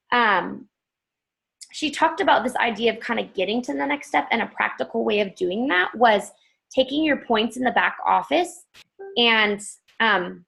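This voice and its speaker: A woman's voice: mid-range voice, creaky, a bit bright. A woman giving a chatty, upbeat training talk to her team, joking about her own math.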